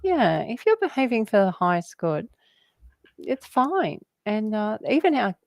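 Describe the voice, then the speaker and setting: A woman's voice: a little high, very animated, a little slow, dry recording. A woman talking casually about spirituality, rambling and laughing often as she jumps between word associations. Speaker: guest.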